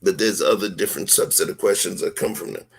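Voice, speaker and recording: Man, husky gravelly voice, emphatic and rhetorical, heated stream talk. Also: low-pitched, steady tone, quick pace. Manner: emphatic, rhetorical, street slang. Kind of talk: heated live-stream discussion.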